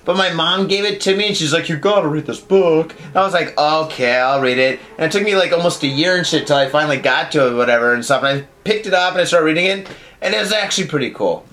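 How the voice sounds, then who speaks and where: A man's voice: a little high, rapid-fire. Rowdy, profane man on a podcast. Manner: rowdy and profane, bursts into shouted put-on voices. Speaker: podcast co-host. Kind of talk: casual chat.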